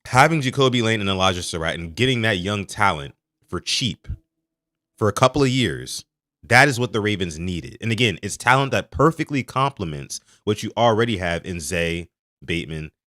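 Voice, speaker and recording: A man hosting a sports podcast, talking to his live chat in an animated way and stressing key words. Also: fairly low pitch, normal speed, no echo, studio quality. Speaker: podcast host.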